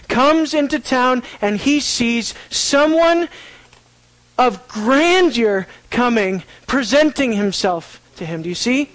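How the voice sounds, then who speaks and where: A man's voice: high-pitched, no room sound, poor audio. A man teaching a sermon, reading scripture aloud and asking his listeners rhetorical questions. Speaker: Bible teacher.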